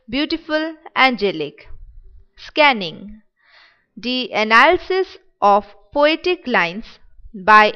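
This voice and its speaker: A woman reading a lesson aloud at an even pace, stopping to spell words out letter by letter. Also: on the high side, smooth, dull audio. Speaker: teacher. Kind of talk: slow read-aloud lesson.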